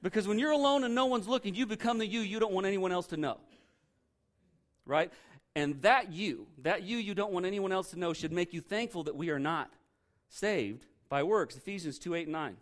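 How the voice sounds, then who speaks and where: A pastor delivering a sermon in an animated, conversational way, his voice sitting a little higher than most men's. He jokes and throws rhetorical questions at his congregation as he reads and unpacks scripture. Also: fairly quick.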